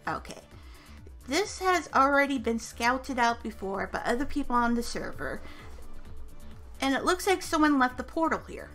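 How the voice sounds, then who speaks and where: Casting note: woman host with a high voice, upbeat and chatty, walks through the game step by step over faint music. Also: a bit bright. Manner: upbeat, chatty, narrating each step aloud. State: hiccups. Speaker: gaming channel host. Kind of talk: casual let's-play commentary.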